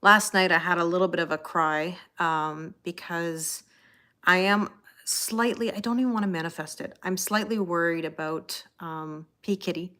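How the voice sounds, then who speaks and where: A chatty woman with a Canadian accent hosts a live tarot stream, answering viewer comments one by one. Her voice sits a little low, and she keeps checking in with a reassuring "you know?". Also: moderate pace, sharp tone. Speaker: tarot reader hosting a livestream. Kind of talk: casual live chat, reading out viewer comments.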